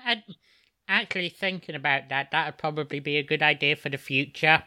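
A man's voice: fairly high pitch, brisk, bright, forceful tone, clear, resonant tone, no room sound. A man co-hosting a podcast in casual chat, joking and restarting his sentences. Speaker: podcast co-host.

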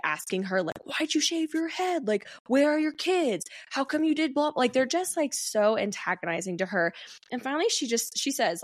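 A woman's voice: medium pitch, dry recording, studio quality. A young woman hosting a podcast, casually recapping a book with lots of "um" and "like". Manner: chatty, frequent "um" and "like", reads quotes aloud. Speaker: podcast host.

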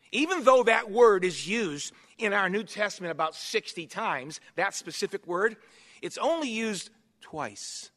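A man in his fifties preaching a sermon, swinging from quiet asides to loud, emphatic passages. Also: sits high. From United States. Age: 50s. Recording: long hall reverb.

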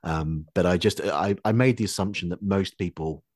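A man hosting a podcast, talking in a measured, hesitant way with fillers. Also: deep voice, a little mellow, no echo, clean studio sound. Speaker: podcast host. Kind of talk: casual chat.

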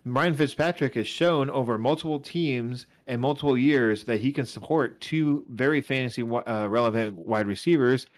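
A man's voice: medium pitch, moderate pace, hardly any pauses. A man co-hosting a casual fantasy football podcast, rambling and correcting himself as he walks through numbers, a little tired. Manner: rambling, self-correcting, talks through stats. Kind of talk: casual chat.

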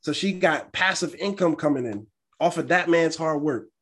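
A husky, somewhat high voice at normal speed belongs to this young male podcast co-host. Chatting casually, he tells stories and brings others' words to life by acting them out.

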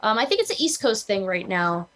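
A woman, a band member guest, chatting in a relaxed way with short agreeable replies. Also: medium pitch, brisk. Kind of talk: casual chat.

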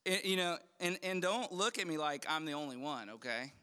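A middle-aged male pastor delivers a sermon in a bright, forceful voice that rings with a smooth, resonant tone. He talks to the congregation in a loose, animated way, restarting phrases as he goes. The sound carries a long reverb from a church hall. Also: fairly high pitch, brisk. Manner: conversational and animated, with frequent restarts.

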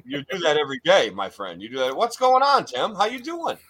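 A man's voice: on the high side, wildly swooping pitch, a little fast, sharp tone, rough recording. Man, show host, casual chat, playful mock-grand intros, stammers and repeats. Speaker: podcast host.

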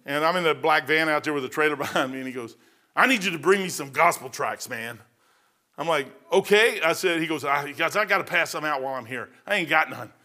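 A male pastor preaches in a bright, forceful voice that sits a little high for a man. He swings between easygoing, folksy storytelling and bursts of fervent preaching. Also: brisk. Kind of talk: sermon.

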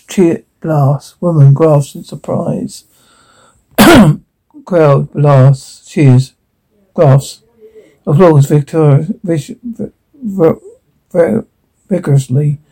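A man reading a transcript aloud, slow and halting, stumbling over words. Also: a little high, warm tone, slightly rough, low-quality recording. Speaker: reader.

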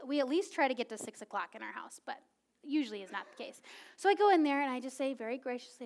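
A woman in her thirties preaching a sermon, telling a personal story in a casual, animated way with many filler words. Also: high-pitched, fast, gravelly. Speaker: pastor.

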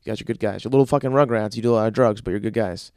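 A man's voice: fairly low pitch, very fast, darkish tone, smooth, dry recording, studio quality. A young man hosting his own podcast, ranting alone in a crude, rambling way with lots of fillers. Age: young adult. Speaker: podcast host. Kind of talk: crude solo podcast rant.

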